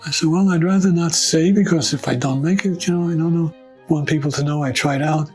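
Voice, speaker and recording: A man's voice: on the high side, a little fast, faint music behind, rough recording. An older man recalling his career in an oral history interview, acting out the voices of people in his stories. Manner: animated anecdotes, acting out quoted voices.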